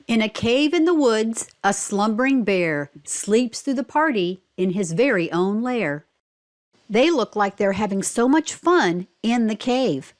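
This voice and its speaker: A woman reading a picture book aloud for children, slow and clear, stopping to ask simple questions. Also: fairly high pitch, sing-song.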